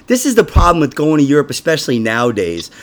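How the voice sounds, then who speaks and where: A man's voice: fairly high pitch, very animated, fast. A man hosting a comedy podcast, joking crudely, swearing freely and laughing often.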